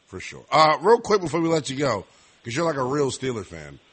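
Brief: young man, sports radio host, husky, teasing and jokey. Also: mid-range voice, big pitch swings, a bit bright. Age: young adult. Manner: joking, teasing, quick asides. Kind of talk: casual call-in chat.

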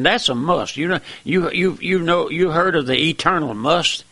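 Gravelly, bright-voiced folksy preacher. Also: male voice, fairly high pitch, normal speed. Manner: folksy, repeats "my friend", rising to emphatic peaks. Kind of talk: sermon.

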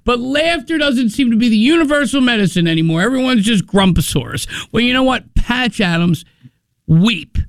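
A man's voice: very high voice, a little fast, hardly any pauses, no echo, clean studio sound. A man hosting a call-in radio show, talking in an earnest, emotional, self-mocking way. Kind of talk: casual call-in radio banter.

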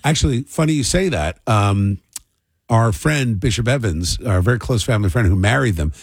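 A man's voice: fairly low pitch, moderate pace, breathy edge, no echo. A middle-aged man hosting a morning radio talk show, telling rambling stories and ranting. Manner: rambling, animated storyteller who rants. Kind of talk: morning radio banter and commentary.

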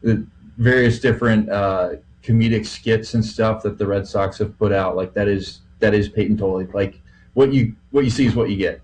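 A man's voice: lowish voice, steady tone, normal speed, darkish tone, slight background noise, rough recording. A man who broadcasts baseball, telling stories in a rambling, easygoing way full of fillers on a casual podcast. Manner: rambling, filler-heavy storytelling.

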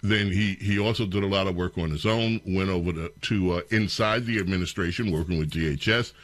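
A man hosting a talk radio show, commenting in a sarcastic, animated and incredulous way. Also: deep voice, a little fast, no echo.

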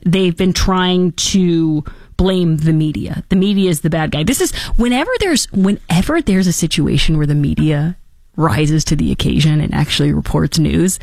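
A woman's voice: deep voice, creaky, no room sound. Sarcastic woman political host, dry sound. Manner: sarcastic, animated, mocking asides. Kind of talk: opinionated political commentary.

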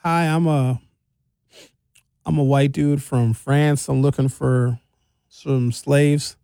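A man's voice: medium pitch, fairly even intonation, takes it slowly, vocal fry, warm tone, smooth, no room sound, clean studio sound. A man playing an offhand French colonizer. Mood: breezy.

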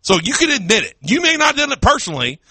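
Guy hosting sports radio, sarcastic rants, voice jumps all over the place, bright and dry. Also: very high-pitched, wildly swooping pitch, fast, breathy edge, no room sound. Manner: sarcastic, mocking, mimics fans in raised voice. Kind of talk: sports talk radio rant.

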